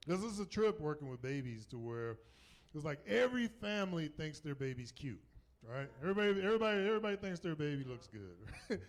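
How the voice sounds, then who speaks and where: A middle-aged man with a drawl works a comedy club stage. His voice sits a touch high and swings widely in pitch as he shifts into shrill, mocking voices for the people in his stories. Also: very animated, fast talker. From Southern United States. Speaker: stand-up comedian. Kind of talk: stand-up comedy set.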